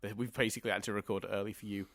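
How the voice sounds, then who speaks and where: A man's voice: lowish voice, little pitch movement, racing, fairly bright tone, dry recording. Chatty man co-hosting a podcast. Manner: chatty and rambling, talks in long winding sentences. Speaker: podcast co-host. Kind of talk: casual podcast discussion.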